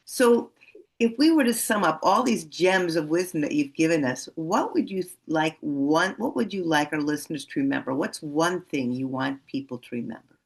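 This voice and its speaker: A woman's voice: deep voice, animated, normal speed. A woman hosting an interview, encouraging her guest with short affirmations. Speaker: host. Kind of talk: interview host.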